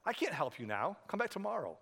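A man's voice: high-pitched, very animated, fast, gravelly, a bit bright, slightly rough, exaggerated voice. A preacher voicing a grumpy, sleepy man woken at midnight, irritated and brushing off the caller in a raised voice. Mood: annoyed. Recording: reverberant hall.

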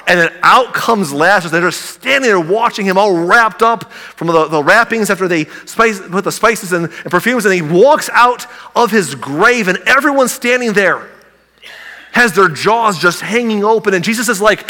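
A male pastor preaches with a bright, forceful voice pitched a bit high. He tells the story casually and with humor. The long reverb of a big church hall trails after every phrase. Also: animated, moderate pace. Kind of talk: sermon.

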